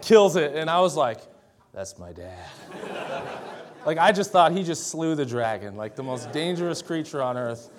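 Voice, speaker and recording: A young man from Minnesota giving a sermon, telling a childhood story in a relaxed, conversational way and often asking "right?". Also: on the high side. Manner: conversational storytelling, tag questions and laughter. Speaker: pastor.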